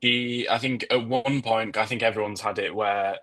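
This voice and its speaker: Young man, bright flat voice. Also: fairly low pitch, moderate pace, poor audio. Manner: earnest, personal storytelling. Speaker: hairdresser. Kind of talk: panel discussion.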